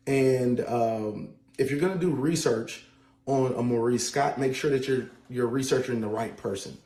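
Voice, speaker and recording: A man reading a measured, formal statement in a social media video, pausing with fillers. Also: medium pitch, vocal fry, mellow, echoey room.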